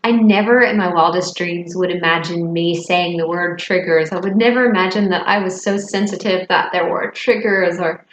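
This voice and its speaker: A woman telling a personal story to the camera in a reflective, halting way, with hesitant fillers and soft laughs. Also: on the low side, fairly even intonation, roomy sound, a little hiss or hum, low-quality recording. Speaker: vlogger. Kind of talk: personal confessional vlog.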